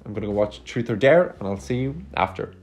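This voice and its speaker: A man's voice: lowish voice, lively intonation, quick pace, darkish tone. A man giving a casual, rambling and sarcastic movie review into a phone mic at home. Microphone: phone microphone.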